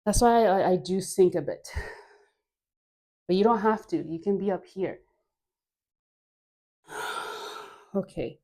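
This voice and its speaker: Slow, mellow-voiced woman dance instructor. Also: fairly low pitch. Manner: coaxing, playful, laughs often, breathy sighs between cues. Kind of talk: guided dance class.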